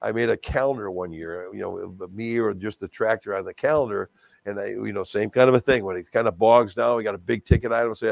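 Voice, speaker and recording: A middle-aged man from Wisconsin, a charity auctioneer telling stories in a casual interview, lively and self-deprecating, often restarting his words. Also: fairly low pitch, fast, gravelly, no room sound. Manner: animated, self-deprecating, many restarts and stammered repeats. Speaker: guest, charity auctioneer and stadium announcer.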